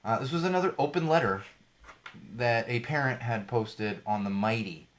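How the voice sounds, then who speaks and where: A man's voice: mid-range voice, moderate pace. A young man hosting a solo podcast, talking candidly and rambling, with frequent restarts and fillers. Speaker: podcast host. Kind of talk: casual solo podcast talk.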